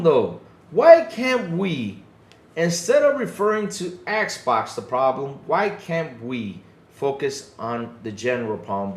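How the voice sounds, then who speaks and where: A man's voice: medium pitch, reverberant. A man hosting a casual livestream podcast, talking animatedly, swearing freely and acting out what others say. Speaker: podcast host.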